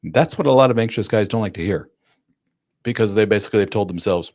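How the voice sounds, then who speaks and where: A man's voice: lowish voice, quick pace, no echo, studio quality. A man hosting a live chat, giving blunt, casual relationship advice to viewers' questions and calling them man and dude. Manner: animated, acts out quoted voices. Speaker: host giving relationship advice to divorced dads.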